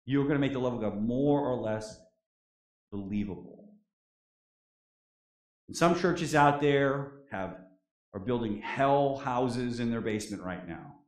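A man preaching a sermon as a prison chaplain, moving between loud declarations and soft, quiet drops, in a church. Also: mid-range voice, lively intonation, unhurried, long pauses. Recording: echoey room.

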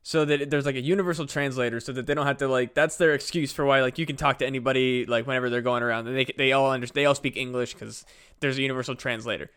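A man's voice: medium pitch, fairly even intonation, quick pace, fairly bright tone, smooth. A man co-hosting a casual comedy podcast, explaining loosely with many restarts and swearing. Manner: loose, hesitant explaining, profane. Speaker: podcast co-host.

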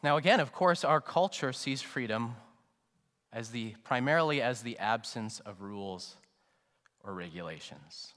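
A male pastor delivering a sermon, swinging between loud emphatic peaks and soft, low trailing phrases. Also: expressive, unhurried. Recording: long hall reverb.

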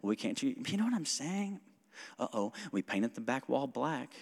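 A male pastor preaching a sermon in a church, conversational and joking, with quick asides, frequent chuckles and a self-described smart-aleck streak. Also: medium pitch, big pitch swings, vocal fry. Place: church sanctuary. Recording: long reverb of a church hall.

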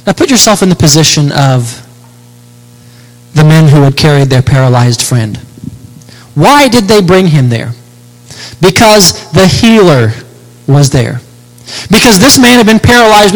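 A man preaching a sermon, expounding scripture with rhetorical questions and slowing down to stress key words. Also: high-pitched. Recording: long hall reverb.

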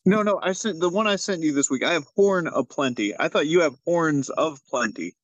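A man's voice: fairly high pitch, animated, normal speed, no room sound, dull audio. A man co-hosting a casual chat over a video call, laughing often and swearing as he tells stories. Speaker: podcast co-host.

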